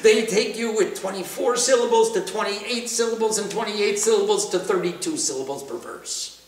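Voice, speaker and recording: A man teaching a class on Sanskrit meters and breathing, leading the chanting and practice with soft laughs. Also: sits high, moderate pace. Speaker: spiritual teacher. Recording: roomy hall, from far off.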